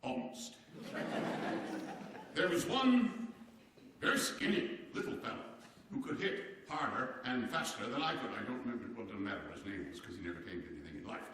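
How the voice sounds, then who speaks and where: A man's voice: medium pitch, very animated, a little fast, very noisy, natural voice. An actor playing a hearty, boisterous old-time American president, speaking theatrically and exclamatorily straight to the audience in a live one-man stage show. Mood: genial. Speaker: stage performer. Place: performance hall before a seated audience. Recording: echoey hall, voice picked up from far off.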